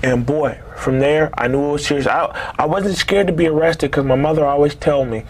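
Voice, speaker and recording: A man in his forties telling a personal story in a halting way, with many fillers and restarts. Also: on the high side, slight background noise.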